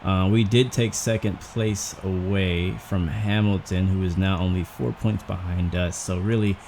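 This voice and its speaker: A low-voiced man gives casual, rambling commentary over a racing game, thinking out loud as he goes. He sounds out of breath and keeps a chatty, unhurried flow. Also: steady tone, vocal fry, a little hiss or hum. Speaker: gaming channel host.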